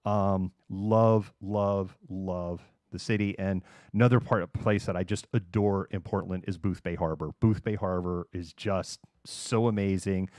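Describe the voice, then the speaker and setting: A man's voice: deep voice, steady tone, a little slow, a little mellow, no room sound, clean studio sound. A middle-aged man from Massachusetts, hosting a livestream in casual, sarcastic chat. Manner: chatty, sarcastic, acts out quoted people. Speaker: livestream host. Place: home room.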